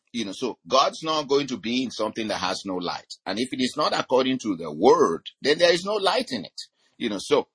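A man preaching a teaching sermon, his voice low and a little husky. He strings scripture references together with frequent "you know" fillers. He slows right down to lean on the words that matter. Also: fairly bright tone. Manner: slows and stresses key words.

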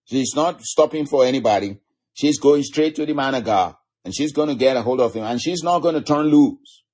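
Husky man preaching with a storyteller's chuckle. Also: mid-range voice, brisk, darkish tone. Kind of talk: sermon.

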